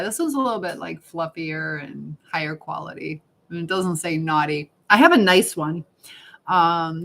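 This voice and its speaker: A woman's voice: fairly low pitch, vocal fry, a bit bright, low-quality recording. A woman hosting a casual live stream from home, chatting and reading viewer comments aloud with frequent laughs.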